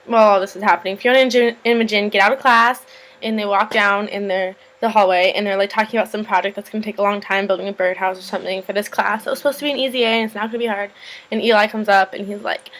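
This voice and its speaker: A woman's voice: medium pitch, steady tone, quick pace, a bit bright, rough recording. A young woman recapping a TV episode in a loose, rambling vlog, full of fillers and casual swearing. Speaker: show recapper.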